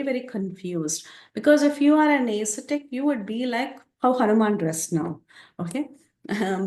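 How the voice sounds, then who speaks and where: A woman teaching a scripture class, retelling the story with lively quoted dialogue. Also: on the high side, echoey room.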